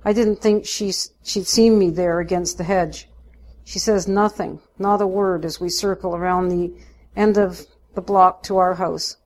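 Woman, lowish voice, first-person story reading, steady, unhurried.

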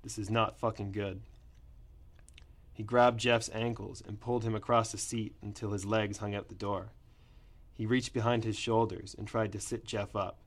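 A man narrating a first-person story in a plain, steady reading voice. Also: lowish voice, moderate pace.

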